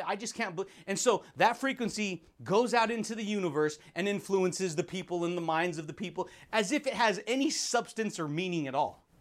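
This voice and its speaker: A man hosting a motivational podcast, talking in an energetic, slangy way and putting on quick voices for the people he quotes. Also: high voice. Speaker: podcast host.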